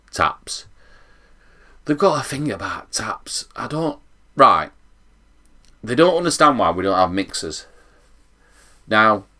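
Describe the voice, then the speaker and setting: Casting note: South Yorkshire bloke, lowish voice, animated, rambling, casual vlogger. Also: male voice. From England. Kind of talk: casual reaction vlog.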